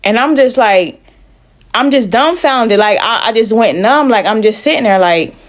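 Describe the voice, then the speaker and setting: A woman truck driver telling her own story in casual chat. She is blunt and profane, acts out the dialogue, and pauses to catch her breath. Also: a little high, lively intonation.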